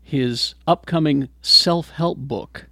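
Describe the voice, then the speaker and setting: A man's voice: a little high, slow, pushed and bright, slight background noise. A man hosting a casual entertainment podcast, reading news items with lots of fillers. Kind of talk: casual chat.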